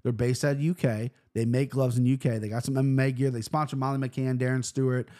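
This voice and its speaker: A young adult man hosting a podcast, telling a story in a casual, profane monologue and acting out quotes with jumps in pitch. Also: flat delivery, quick pace, warm tone. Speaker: podcast host. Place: home room at a computer.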